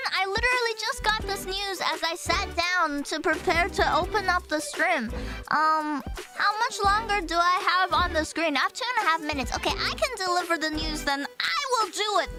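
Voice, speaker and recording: A young Canadian woman chats drowsily with her stream audience, giggling and cursing. Her voice sits very high and bright. Loud music plays right beneath her. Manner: sleepy, giggly and swearing, reading chat aloud. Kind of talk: casual live-stream chat. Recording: loud music playing underneath. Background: loud background music.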